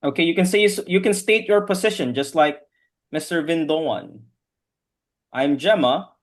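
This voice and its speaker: A man's voice: on the high side, expressive, normal speed. A man teaching an online English class over a video call, patiently correcting his students' pronunciation word by word.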